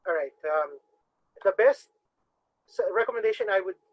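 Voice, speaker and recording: A man's voice: sits high, animated, normal speed, dry recording. A man with a strong Visayan Filipino accent teaching public speaking in an online webinar, earnest and often repeating words as he thinks. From Philippines, Cebu. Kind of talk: webinar lecture. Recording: dry, dull lo-fi webinar audio.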